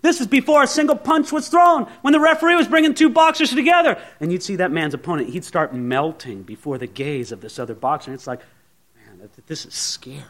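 A man with a fairly high voice preaches a sermon. He is animated and theatrical, swinging his delivery as he tells the story. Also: a little fast, hardly any pauses. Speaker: pastor.

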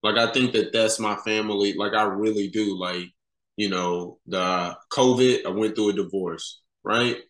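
A man's voice: fairly low pitch, fairly even intonation, measured pace, a bit bright. A man in his thirties, a podcast guest, telling personal stories in a candid, casual, slangy way. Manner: casual slangy talk, many "you know" fillers. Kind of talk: candid conversational storytelling. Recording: roomy echo.

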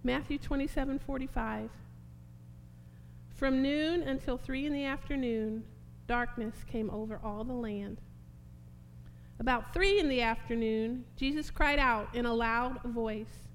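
A woman's voice: a little high, fairly even intonation, a little slow. A woman preaching a sermon, impassioned and rising to emphatic peaks. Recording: long hall reverb, faint hum.

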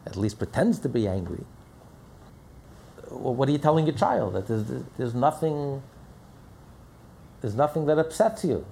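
A man's voice: mid-range voice, animated, a little slow, gravelly, long pauses, warm tone, a little hiss or hum. A man teaching a religious lesson in an emphatic manner, with rhetorical questions and repeated phrases. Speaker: Torah teacher.

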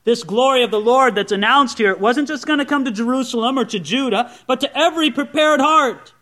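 Male pastor, very high voice, bright tone, verse-by-verse sermon, chatty asides. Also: fairly quick. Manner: expository Bible teaching, conversational asides.

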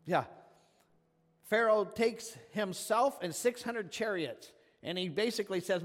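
Man, high voice, pastor, chatty interactive sermon, long hall reverb. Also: a little slow. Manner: conversational, calls on listeners by name, asks questions.

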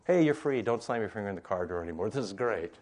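A man voicing an upbeat, encouraging male teacher, speaking emphatically and loudly. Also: fairly low pitch, lively intonation, quick pace. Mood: jubilant.

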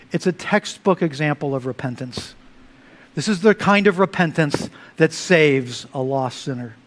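A pastor preaching a sermon, swinging between loud emphatic lines and hushed, quiet asides. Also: male voice, high voice.

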